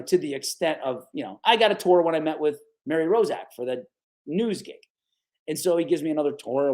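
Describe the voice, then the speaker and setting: A sports broadcaster in his 40s from New York's Capital Region tells stories as a guest on a podcast, in a casual interview. His voice sits fairly high, and he's animated, acting out the voices of people he quotes and often saying "dude" and "right?"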